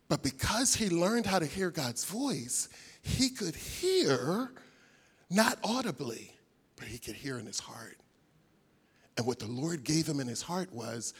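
A man preaching a sermon, retelling stories conversationally with big swings in loudness and pitch. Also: big pitch swings, a little slow, long pauses, breathy edge. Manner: conversational, many fillers.

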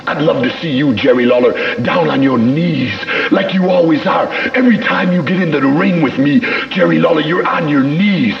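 A man's voice: fairly high pitch, normal speed, creaky, hardly any pauses. A man cutting a boastful, taunting wrestling promo, mocking his rivals. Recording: echoey, dull 1980s TV tape with music.

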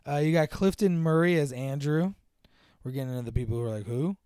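A man with a smooth, clear voice pitched a little high, chatting casually on a movie podcast. He jokes crudely and drops into quick impressions of characters, and the sound is dry and close. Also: dark tone, no echo. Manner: joking, crude, does quick voices when quoting characters. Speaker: podcast co-host.

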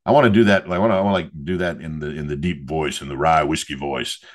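A chatty male podcast host with a very low, deep voice. He talks in a loose, joking way, full of asides, as if chatting with his regular listeners. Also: steady tone, fast talker. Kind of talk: casual podcast monologue and product review.

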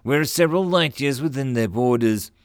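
A man's voice: medium pitch, expressive, moderate pace, clean tone, no echo, studio quality, natural voice. A man voicing a nervous, bitter male alien starship captain in an audiobook story. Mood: anxious. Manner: anxious, bitter.

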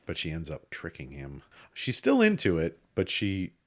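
A man's voice: low-pitched, huge pitch swings, moderate pace. A man co-hosting a podcast, adding wry, joking commentary while recapping a movie. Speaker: podcast co-host. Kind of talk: casual movie recap chat.

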